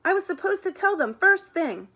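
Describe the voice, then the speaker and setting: A woman reading a storybook aloud, voicing a small, excitable male bat in a high, loud, gushing way. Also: unhurried, breathy edge, full character voice. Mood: excited.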